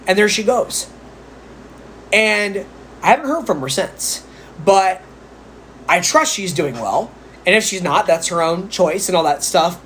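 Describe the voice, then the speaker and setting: A man's voice: high-pitched, fairly bright tone, slight background noise. A psychic man giving casual spiritual advice on a live stream, chatty and rambling, with playful asides. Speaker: psychic medium.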